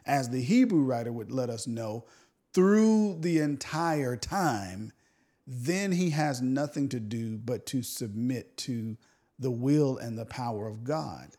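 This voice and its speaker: A man co-hosting a casual Bible discussion, thoughtful and unhurried, with many fillers and restarts. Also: medium pitch, animated, mellow. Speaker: podcast co-host.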